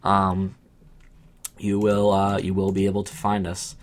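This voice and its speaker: A man's voice: low voice, monotone, a little slow. A man, co-hosting a podcast in casual chat, joking and rambling with crude humor. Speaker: podcast co-host.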